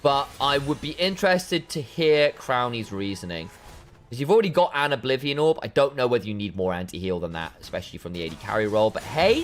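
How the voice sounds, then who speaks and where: Man lively analytical esports caster. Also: mid-range voice, a little hiss or hum. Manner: analytical, chatty with viewers, bursts of excitement on plays. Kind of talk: live esports commentary.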